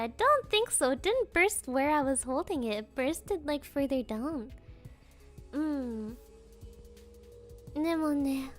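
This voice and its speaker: A woman's voice: high-pitched, sing-song, very slow, long pauses, soft background music. A young woman streamer chatting casually with her viewers, telling rambling stories full of fillers and giggles. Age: young adult.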